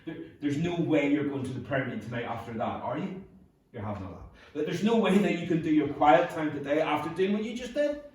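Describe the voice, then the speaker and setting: A man's voice: a little high, animated, fairly quick, darkish tone, pitched above the performer's own voice, natural voice. A man voicing a mocking, accusing male devil in a sermon, recorded from far off in an echoey church hall. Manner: mocking, needling, sarcastic.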